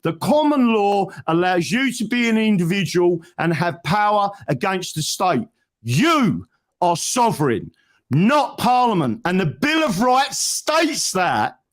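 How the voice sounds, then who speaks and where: A man's voice: high-pitched, sing-song, a little slow. A man telling a story in a casual, emphatic chat and often tagging "right?". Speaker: guest.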